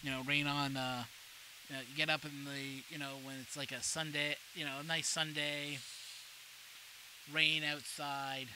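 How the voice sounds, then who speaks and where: Testing a cheap wireless mic on his maker channel livestream, a middle-aged man from Canada chats and jokes in a rambling way. He sounds a little high and level-toned, unhurried, against a noisy background.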